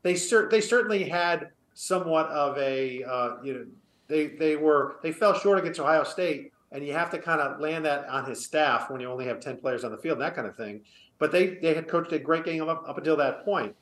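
A man's voice: fairly high pitch, normal speed, fairly bright tone, echoey room. A man and former college football player, speaking as an interview guest, earnest and opinionated with a storytelling manner. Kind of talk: casual sports interview.

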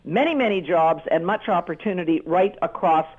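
A woman's voice: lowish voice, expressive, a little fast. A woman on a talk show panel, speaking urgently and exhorting the listeners. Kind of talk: talk show commentary by phone. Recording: tinny phone line.

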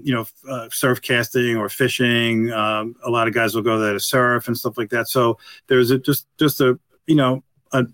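A man's voice: medium pitch, a bit bright, clear, resonant tone, dry recording. Middle-aged man telling a rambling story. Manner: rambling and halting, full of "you know" fillers. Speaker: guest, retired police detective. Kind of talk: storytelling in a conversational interview.

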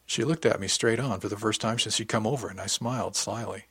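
Husky-voiced man narrating a story. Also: lowish voice, a little fast, fairly bright tone, dry recording. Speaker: audiobook narrator. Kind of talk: first-person audiobook narration.

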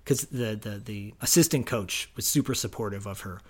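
A man's voice: fairly low pitch, normal speed, husky. A middle-aged man co-hosting a podcast in casual chat, enthusiastic and rambling, laughing easily. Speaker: podcast co-host.

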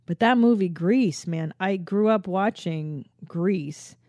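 Rambling, profane woman podcaster, warm tone. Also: on the low side, slow pace, no echo, clean studio sound. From Los Angeles area. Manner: rambling, profane, self-mocking. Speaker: podcast host. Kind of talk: casual comedic monologue.

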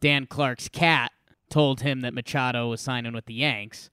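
A man's voice: medium pitch, fairly even intonation, a little slow, pushed and bright, smooth, no echo, studio quality. A man co-hosting a podcast, chatting casually and chiming in with short agreeing replies. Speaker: podcast co-host.

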